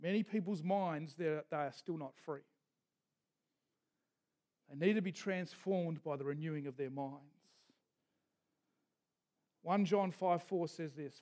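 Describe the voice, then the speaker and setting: A man's voice: on the high side, a little slow, pauses often, darkish tone. A man preaching a sermon as pastor, telling stories in a folksy manner with asides. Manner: storytelling with folksy asides and restarts.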